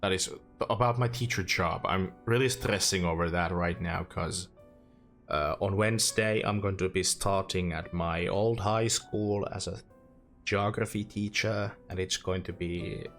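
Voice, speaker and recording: Low-voiced Finnish streamer, unhurried. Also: male voice, fairly even intonation, fairly bright tone, faint music behind. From Finland. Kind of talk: casual gaming stream chat.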